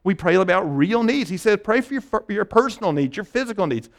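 A man's voice: high voice, expressive, brisk. A male pastor preaching a conversational sermon, often restarting phrases and checking in with "right?".

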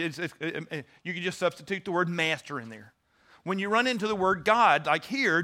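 A man's voice: a little high, bright, forceful tone. A man preaching a sermon, earnest and teaching, often restarting and repeating words as he explains. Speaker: pastor.

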